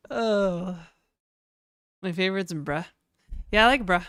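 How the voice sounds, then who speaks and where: A woman's voice: mid-range voice, slow, fairly bright tone, clean tone, dry recording, clean studio sound. A woman from New Brunswick, chatting casually and rambling on a livestream, joking and laughing often. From New Brunswick, Canada.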